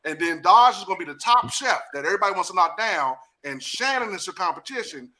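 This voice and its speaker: A man with a D.C. hosts a loose podcast chat. He sits high in his range for a man, with a bright, forceful edge. He coaches and sets up scenes with lively energy and frequent laughter. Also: fast talker. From Washington, D.C. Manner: animated, laughing, coaching and directing others. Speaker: podcast host and acting teacher.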